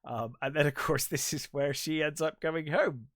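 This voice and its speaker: A man's voice: a little high, steady tone, normal speed, a bit bright, no echo, studio quality. A man co-hosting a podcast, chatting casually and bluntly about a film, swearing freely. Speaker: podcast co-host.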